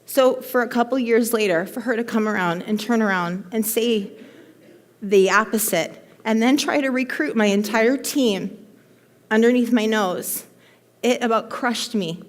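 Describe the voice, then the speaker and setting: A woman's voice: on the high side, measured pace. Emphatic woman speaker in a reverberant hall. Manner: emphatic, heartfelt, animated. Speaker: motivational speaker to her team. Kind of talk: personal story talk to an audience.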